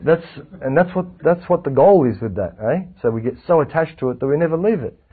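A man giving a casual religious class, lively and animated, acting out little anecdotes. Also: a little high, a little fast, husky. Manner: lively, animated, acts out anecdotes, frequent restarts. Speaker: religious teacher. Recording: tinny phone-like lo-fi recording.

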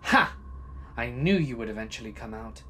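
A man voicing an unhinged, clingy young woman who stalks and threatens, in a shrill voice that swings from gloating to baby talk. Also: lively intonation, moderate pace, bright, forceful tone, a little hiss or hum.

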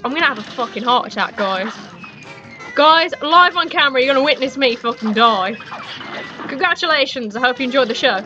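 A young woman commentating a video game as she plays, excitable and swearing, with loud outbursts. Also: high voice, brisk, highs cut off, over music. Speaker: gaming streamer. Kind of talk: let's play commentary. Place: home room.

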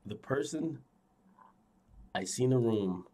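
A young man streaming, telling a dream to his viewers in a casual, animated way, swinging from loud to hushed, repeating phrases and swearing a lot. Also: medium pitch, moderate pace. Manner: frequent fillers and profanity. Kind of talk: casual storytelling to a live audience.

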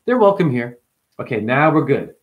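A man's voice: medium pitch, very animated, moderate pace. A man hosting a livestream, casually reading out chat comments and joking with viewers by name. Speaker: livestream host.

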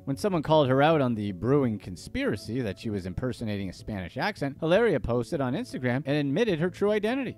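A man's voice: on the high side, a little mellow. A man doing scripted narration for a list video, with snarky, sarcastic asides.

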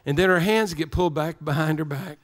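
A man's voice: fairly high pitch, brisk. A male pastor preaching a sermon, emphatic, repeating his phrases and restarting words as he drives his points home.

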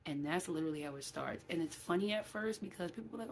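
A woman, speaking in a slightly low voice. She talks to the camera in a loose, animated way, with lots of ums along the way. A faint room hiss sits behind her. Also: quick pace. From New York City. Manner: animated, acts out quoted voices, many fillers. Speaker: vlogger. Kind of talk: casual talk to camera.

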